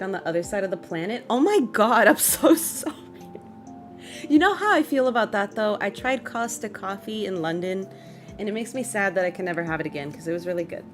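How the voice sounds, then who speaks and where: Young female streamer, chatty and giggly, mid-range voice, soft music under her. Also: medium pitch. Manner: bubbly, chatty, quick to laugh and apologize. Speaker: livestream host. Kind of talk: casual livestream chat.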